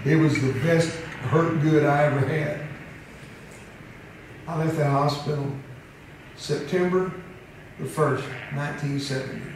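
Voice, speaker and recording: A man's voice: on the high side, steady tone, measured pace, pauses often, background noise. A man in his seventies giving a storytelling speech to an audience, humorous and emotional, often laughing. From United States. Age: 70s. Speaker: motivational speaker. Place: large hall with an audience. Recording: echoey hall, heard from a distance.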